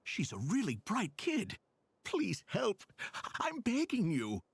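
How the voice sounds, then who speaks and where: An anxious village elder in a video game, his high voice swooping through a huge range. He is hoarse at the edges and keeps pleading and flattering. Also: slow pace, dry recording, full character voice. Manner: eager, begging, hospitable. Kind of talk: game voice acting.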